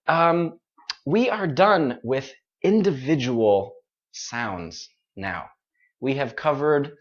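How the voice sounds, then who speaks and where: A pronunciation teacher who speaks slowly and patiently and models each sound again and again. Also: medium pitch, lo-fi sound. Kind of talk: online English pronunciation class.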